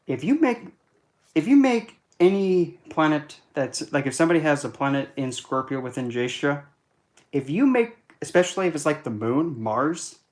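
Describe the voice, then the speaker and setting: A man's voice: a little high, very animated, moderate pace. A man giving a casual, blunt monologue as an occult vlogger, chatting and joking darkly as he corrects himself.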